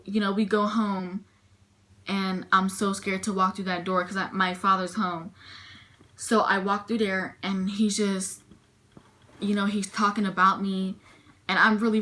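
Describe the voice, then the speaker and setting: Bright-voiced young woman telling her story. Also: mid-range voice. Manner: emotional retelling, frequent "I'm like" quotes. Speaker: vlogger. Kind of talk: personal storytime vlog.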